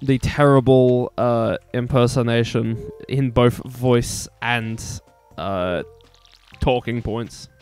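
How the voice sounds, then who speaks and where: Excitable swearing young male streamer. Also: medium pitch, slow pace, faint music behind. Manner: excitable, swearing, self-mocking jokes. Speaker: gaming streamer. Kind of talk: casual gameplay commentary.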